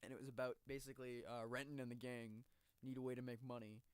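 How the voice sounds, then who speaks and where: A man co-hosting a podcast in casual chat, retelling stories with lively energy and plenty of swearing. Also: mid-range voice, fast talker, smooth, dry recording. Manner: animated storyteller, swears freely. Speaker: podcast co-host.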